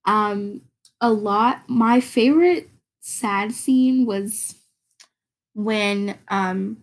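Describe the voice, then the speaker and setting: A woman's voice: medium pitch, extremely slow. A woman hosting a casual solo podcast, rambling, giggling often and searching for words. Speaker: podcast host.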